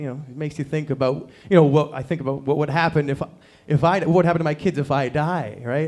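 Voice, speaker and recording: A man in his thirties doing a deadpan stand-up set at a small open mic, acting out quotes with big jumps in pitch. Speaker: stand-up comedian. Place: small performance venue.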